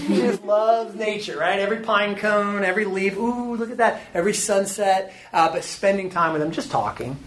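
A man's voice: sits high, moderate pace, few pauses. A man in his forties leading an informal church talk on raising daughters, earnest and self-deprecating. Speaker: church teacher leading a parenting discussion. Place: church meeting room. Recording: echoey room, faint background noise.

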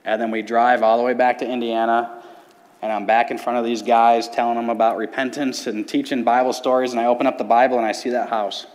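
A man's voice: mid-range voice, level tone, darkish tone. A man in his thirties, a youth pastor, telling his personal testimony from a church stage with earnest, paced storytelling. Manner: earnest storytelling with dramatic pauses. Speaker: middle school ministry pastor. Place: church sanctuary. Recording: long church hall reverb.

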